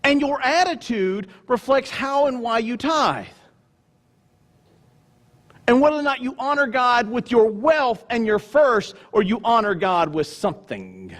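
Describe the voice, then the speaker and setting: A male pastor preaching a sermon with emphatic swings between loud declarations and hushed, mocking asides. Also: expressive, unhurried. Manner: mimics grudging churchgoers in low mocking asides.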